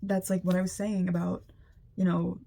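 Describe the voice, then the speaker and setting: Young woman, energy reader, empathetic, mellow dark tone, flat delivery. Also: fairly low pitch, normal speed, creaky, a little hiss or hum. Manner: chatty, empathetic, many "like" fillers. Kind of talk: casual spiritual reading to camera.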